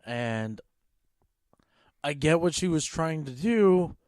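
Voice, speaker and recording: A man's voice: on the high side, animated, slow, a little mellow, no room sound, clean studio sound. A man co-hosting a casual movie podcast, chatting in a joking way. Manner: joking, does mock voices in quotes. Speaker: podcast co-host.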